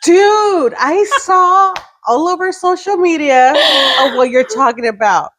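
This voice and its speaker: A woman's voice: very high voice, animated, measured pace, fairly bright tone. A woman co-hosting a casual gossip podcast, reacting chattily and slipping into Spanish. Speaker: podcast co-host.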